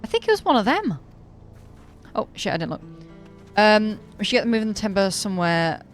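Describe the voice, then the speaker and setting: A British woman streams a game at her desk mic, reading each character's lines aloud in her own mid-pitched voice. She slips in playful asides between lines and laughs often. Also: very animated, fairly quick, soft background music. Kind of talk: live gameplay commentary, reading dialogue aloud.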